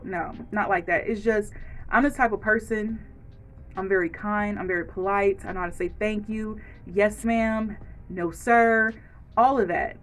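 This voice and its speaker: A woman's voice: mid-range voice, steady tone, brisk, fairly bright tone. A woman ranting frankly to camera in a casual vlog, acting out quoted lines as she goes. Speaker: vlogger.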